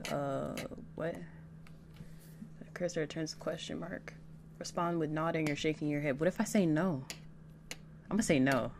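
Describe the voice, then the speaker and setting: Low-voiced woman chatting over gameplay. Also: normal speed, gravelly, long pauses, darkish tone, a little hiss or hum. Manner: chatty, reactive, trails off. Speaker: gaming channel host. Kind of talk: casual gameplay commentary.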